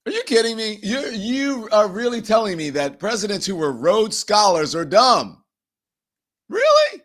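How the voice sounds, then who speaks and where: A man hosting a political commentary show, incredulous and animated, often laughing between remarks. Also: high voice, normal speed. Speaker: host.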